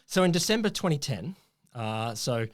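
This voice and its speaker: A middle-aged man with an Australian accent chats through a story on a science podcast. His pitch swings widely and he often trips over words before correcting himself. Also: sing-song, normal speed. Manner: rambling, self-correcting, chuckling storyteller. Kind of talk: casual science podcast chat.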